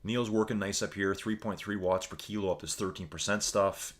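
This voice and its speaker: Canadian male streamer, low-pitched, loose and rambly, race commentary mixed with chat. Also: steady tone, brisk. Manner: rambling, chatty, reads viewer chat aloud.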